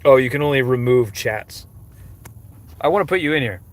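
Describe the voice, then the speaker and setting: A man's voice: medium pitch, animated, normal speed. Rambling man live-streaming. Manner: rambling, heavy on fillers and restarts; wry, self-mocking. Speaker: livestreamer answering chat questions. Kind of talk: casual live-stream chat.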